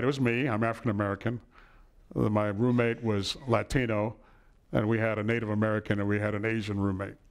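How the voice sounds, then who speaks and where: A middle-aged man with a lowish voice gives a personal lecture to a hall audience. He tells warm family stories and checks in often with "right?"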